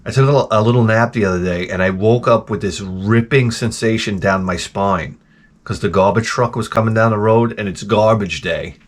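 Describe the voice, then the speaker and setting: Grumbling and swearing, a middle-aged host rants casually and with exasperation on his own show. He talks briskly in a lowish voice.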